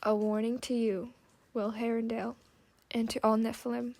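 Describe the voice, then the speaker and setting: A menacing clockwork automaton, put on by a woman reading an audiobook, that speaks in a slow, halting, whispered grind. Its words come out one by one, cold and mechanical, like faulty machinery. The delivery stays flat and even. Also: on the high side, creaky, no echo.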